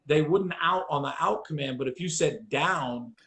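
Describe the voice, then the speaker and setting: A man's voice: on the high side, normal speed, reverberant. A man hosting a casual chat, telling dog-training stories with profanity and acted-out voices. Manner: profane, animated storyteller acting out voices.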